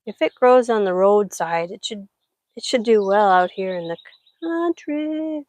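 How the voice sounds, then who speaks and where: Slow-talking chatty woman gardening. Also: medium pitch, a little mellow, no echo. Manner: chatty, talks to her pets mid-task. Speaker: vlogger. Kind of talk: casual chat while gardening. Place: greenhouse.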